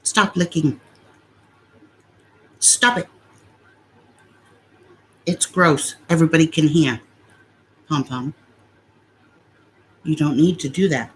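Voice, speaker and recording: Slow-talking woman vlogging from bed. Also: low voice, roomy sound, rough recording. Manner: coos baby talk at her dogs. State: out of breath. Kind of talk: casual vlog from bed. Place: bedroom, on her bed. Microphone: phone camera.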